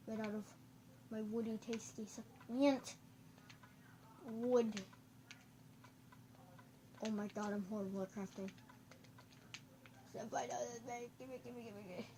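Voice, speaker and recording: A goofy, excitable gameplay commentator who breaks into sudden loud outbursts, recorded on a camera microphone. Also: medium pitch, measured pace, pauses often, a little hiss or hum. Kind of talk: casual let's-play commentary.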